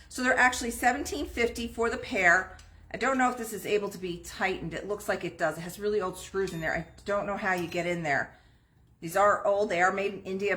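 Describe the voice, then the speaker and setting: Selling on a live stream from her antique shop, a woman talks her way through the pieces and what they cost. She has a mid-range, slightly bright voice, and the recording carries a roomy echo.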